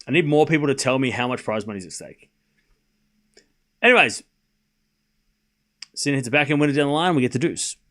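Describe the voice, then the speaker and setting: A man's voice: mid-range voice, expressive, a little fast, long pauses, a bit bright. Rambling man calling tennis for chat. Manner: rambling, rhetorical questions, sarcastic asides to chat. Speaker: stream host and tennis commentator. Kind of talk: casual livestream commentary.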